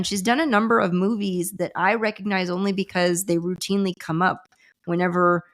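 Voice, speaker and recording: A woman's voice: lowish voice, creaky. A woman hosting a horror podcast, talking casually in a rambling way with restarts and laughs. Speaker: podcast host. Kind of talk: casual chat.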